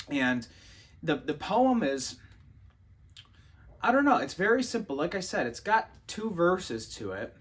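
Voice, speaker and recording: A young adult man with a mid-range voice hosts a poetry channel, reading a poem and explaining it in a relaxed, casual way. He thinks out loud, with fillers and restarts along the way.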